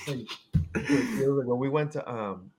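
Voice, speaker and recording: A young man, co-hosting a casual podcast and telling loud, swearing stories full of shouted quotes. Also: mid-range voice, slow pace, noisy background. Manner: animated storyteller, swears, shouts when quoting his dad. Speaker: podcast co-host. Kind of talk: casual chat.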